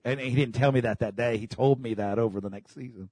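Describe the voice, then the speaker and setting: A man preaching a sermon in a church, fervently, breaking into shouts and calling for the congregation to answer him. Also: mid-range voice, fast, few pauses, no echo. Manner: fervent preaching, bursts into shouts, call-and-response. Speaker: pastor.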